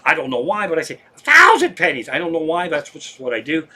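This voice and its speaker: Guy comedian rambling and cussing on a live stream, bright voice. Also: fairly high pitch, quick pace. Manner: profane, rambling storytelling. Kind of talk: rambling casual stand-up chat.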